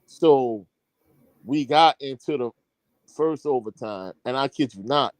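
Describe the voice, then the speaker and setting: A man, a high school coach, telling a long sports anecdote in casual chat with slang and many fillers. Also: animated, measured pace, no echo. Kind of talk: casual podcast storytelling.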